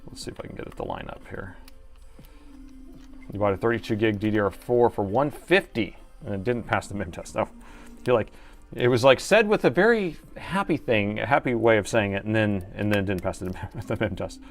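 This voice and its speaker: A man's voice: fairly low pitch, animated, brisk, faint music behind. A middle-aged man chatting through a live laptop repair, joking about himself as he works. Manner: chatty and self-mocking, talking while working. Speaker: repair technician streamer. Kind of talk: live repair stream commentary.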